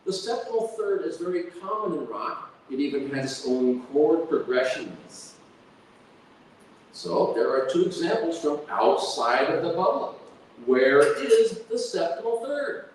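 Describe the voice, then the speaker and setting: A man lectures on music at a slow, deliberate pace, often humming phrases on da syllables to show a point. His voice sits fairly high for a man and is heard from a distance. A long, echoing hall reverb surrounds it. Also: very animated, slight background noise. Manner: hums and sings melodies with da-da syllables. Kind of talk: academic lecture with sung examples. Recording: echoey hall from far off.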